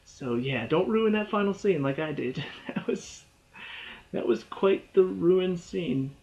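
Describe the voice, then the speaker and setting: A man with a slightly higher-than-usual voice talks through a video game review in a loose, rambling way, stopping to correct himself and chuckling often. The recording sounds muffled and lo-fi. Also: animated, slow pace, creaky, mellow. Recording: dull lo-fi sound.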